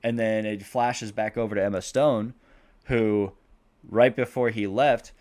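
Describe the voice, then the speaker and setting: Lowish-voiced man ranting casually. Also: steady tone, measured pace, a little mellow. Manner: profanity-laced, rambling, many fillers. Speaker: podcast co-host. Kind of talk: casual chat retelling a movie plot.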